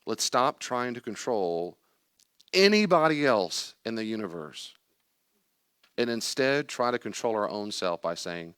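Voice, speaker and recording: A man's voice: fairly low pitch, brisk, smooth, no room sound, clean studio sound. Emphatic older man teaching a group. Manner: emphatic, acts out anxious and calm inner voices. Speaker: teacher leading a class on anxiety. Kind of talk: lively teaching talk to a group.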